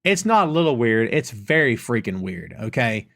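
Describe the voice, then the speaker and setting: A man's voice: mid-range voice, big pitch swings, normal speed, gravelly, a bit bright. A man with a Southern US accent hosting a live question-and-answer podcast. He rants emphatically and casually, repeating lines for effect. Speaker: podcast host.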